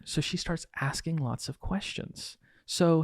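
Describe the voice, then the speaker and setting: A man hosting a podcast, telling a coaching story in a lively way and acting out the quoted dialogue. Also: fairly high pitch, unhurried, hardly any pauses, no room sound, clean studio sound. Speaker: podcast host and real estate coach.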